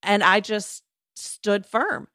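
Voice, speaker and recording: A woman guest in an interview, telling her own story in a chatty, animated way with many fillers. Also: medium pitch, slow pace, no echo, clean studio sound. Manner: chatty, animated, lots of fillers and quoted asides. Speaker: guest, former lawyer turned coach.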